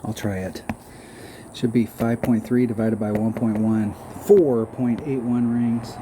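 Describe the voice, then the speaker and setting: A man's voice: medium pitch, steady tone, unhurried. A man giving rambling, self-mocking casual commentary on a mobile golf game while humming little tunes, recorded with audible background noise.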